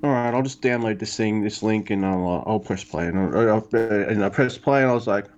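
A man co-hosting a podcast in casual chat, excitable and rambling, cursing often. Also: fairly low pitch, a little fast, muffled recording. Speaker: podcast co-host.

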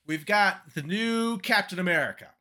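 A man with a bright, tense edge to his voice talks loosely in a casual chat. He rambles and laughs at himself, his pitch sitting a touch above average. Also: moderate pace, a little hiss or hum. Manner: rambling, self-deprecating, laughing often. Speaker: podcast co-host.

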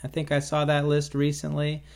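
This podcast host, a man with a fairly high, gravelly, monotone voice, delivers a casual solo talk show monologue at normal speed. He tells stories in a wry, rambling manner with sarcastic asides and sometimes stutters on his own name.

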